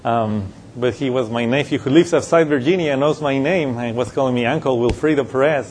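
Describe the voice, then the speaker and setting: A man's voice: medium pitch, a little fast, hardly any pauses, a little mellow, slight background noise. A man preaching a conversational Bible-teaching sermon, often restarting phrases and chuckling as he explains. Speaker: pastor.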